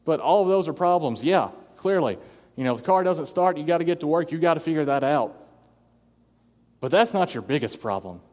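A man's voice: on the high side, animated, fairly quick, a little mellow. Man preaching in a reverberant hall. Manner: earnest preaching, acts out quoted voices. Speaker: pastor. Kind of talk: sermon.

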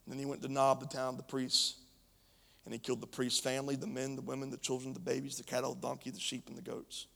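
A man's voice: medium pitch, monotone, fast, gravelly, fairly bright tone. A male preacher reading scripture and preaching emphatically, speaking straight to his congregation. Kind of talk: sermon. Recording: long hall reverb.

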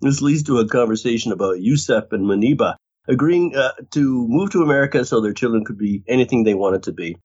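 A man with a medium-pitched, slightly mellow, slightly rough voice co-hosts a podcast at a brisk pace, recapping a TV episode in casual chat. He reads the recap, laughs often and mimics characters, all in dull lo-fi audio.

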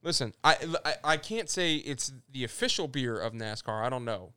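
A man co-hosting a podcast, talking in a smooth, resonant voice. His banter is profane and sarcastic. The sound is dry and close, with no room echo. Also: mid-range voice, expressive, moderate pace, pushed and bright. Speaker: podcast co-host. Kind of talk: casual chat.

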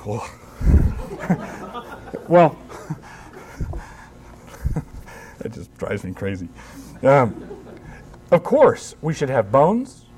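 A man's voice: mid-range voice, huge pitch swings, very slow, pauses often, darkish tone. A man speaking as a pastor at a conference, conversational and emphatic, with wry humor and frequent restarts. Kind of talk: conference talk.

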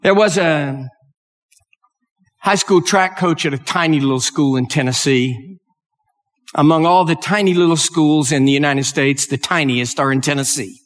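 Impassioned high-voiced male preacher. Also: normal speed, long reverb tail. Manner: emotional, rising to impassioned exhortation. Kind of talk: sermon storytelling.

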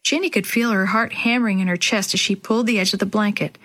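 A woman narrating a children's storybook in a measured, expressive reading. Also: medium pitch.

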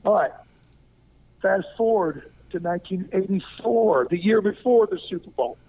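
An older man from Arkansas, a former pro football player, telling a lively story as an interview guest and acting out what people said. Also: high voice, normal speed, vocal fry. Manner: lively anecdotal storyteller who acts out quoted lines. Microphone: phone. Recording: tinny phone line.

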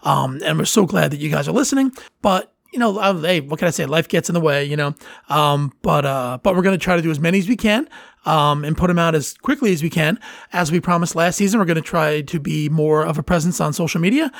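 A man's voice: a little high, fast, vocal fry, no echo, clean studio sound. A man hosting a podcast on his own, talking casually and rambling with fillers and restarts. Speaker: podcast host. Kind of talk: casual solo podcast talk.

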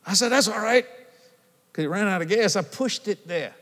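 A man's voice: sits high, normal speed. An older man preaching a sermon, telling stories animatedly and asking the congregation questions. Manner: animated storytelling, calls and responses with the congregation. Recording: long hall reverb.

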